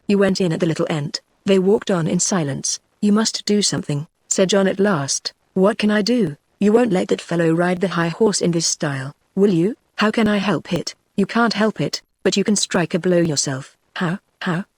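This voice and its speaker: A text-to-speech voice of a woman with a British accent, reading a novel aloud in an even, measured way. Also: fairly low pitch, breathy edge, no room sound. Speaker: audiobook narrator.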